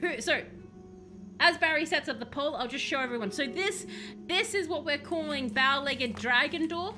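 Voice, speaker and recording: A woman's voice: high-pitched, moderate pace, over music. A young woman streaming a video game, chatting casually with playful, rambling jokes. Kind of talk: casual live-stream chat while playing.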